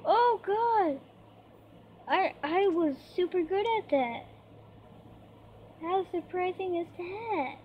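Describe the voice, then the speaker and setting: A woman's voice: very high-pitched, slow pace, pauses often. A woman giving chatty gameplay commentary, easily startled and squealing when things go wrong. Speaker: gamer. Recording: dull lo-fi mic, faint noise.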